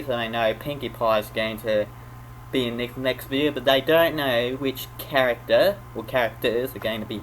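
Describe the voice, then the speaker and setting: A man's voice: mid-range voice, a bit bright, slight background noise, low-quality recording. An Australian man hosting a reaction video, groaning and exclaiming in outrage at what he watches. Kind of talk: casual reaction commentary.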